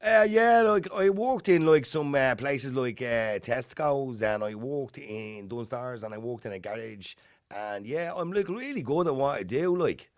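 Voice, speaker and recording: A man voicing a rough young inner-city Dublin job candidate, drawling and saying "like" over and over. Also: medium pitch, lively intonation, a little slow, no echo, clean studio sound, pitched above the performer's own voice, lightly acted. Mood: eager. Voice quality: broad, drawling, full of "like".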